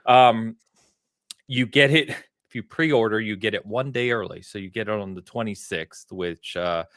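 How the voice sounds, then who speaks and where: American guy hosting a podcast, lowish voice, dry sound, chatty and rambling. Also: moderate pace, dry recording. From United States. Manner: relaxed, rambling storyteller with filler words. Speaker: podcast host. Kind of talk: casual podcast chat.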